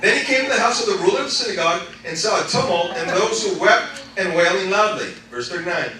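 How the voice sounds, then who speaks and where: A high-voiced man preaches with lots of laughter, jumping from loud exclaims to hushed storytelling. His voice rings through a big echoey church hall, picked up from some distance. A congregation calls back behind him. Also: quick pace, a crowd in the background. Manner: animated, laughing often, swings between loud exclaims and quiet storytelling. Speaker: pastor. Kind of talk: sermon. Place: church sanctuary. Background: congregation calling out responses.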